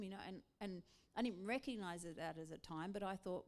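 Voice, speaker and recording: An Australian woman talking in a relaxed church interview. She speaks as a pastor's wife, chatty and animated, and laughs readily as she talks. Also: medium pitch, brisk.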